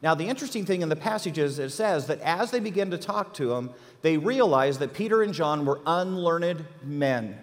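A man with a fairly high voice teaches a Bible class, animated and full of questions for his listeners. The sound carries a long reverb, as in a large hall. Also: moderate pace, hardly any pauses.

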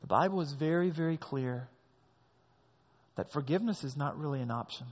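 A man's voice: a little high, brisk. A man preaching a sermon as pastor, leaning hard on key words, recorded in a large hall with a long echo and a dull sound.

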